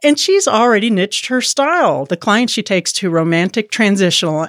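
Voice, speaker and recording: A woman's voice: medium pitch, lively intonation, moderate pace, hardly any pauses, no room sound, clean studio sound. A woman from the United States hosting a podcast, playful and joking in casual chat. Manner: playful, joking, self-mocking. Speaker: podcast host.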